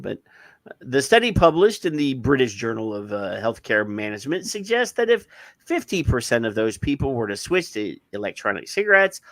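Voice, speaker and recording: A man reads news aloud on a casual podcast, breaking off into blunt, rambling asides and frequent restarts. His voice sits at an average pitch and is recorded dry and close to the mic, with no room sound. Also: a bit bright, dry recording. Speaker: podcast co-host. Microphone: headphones and studio mic.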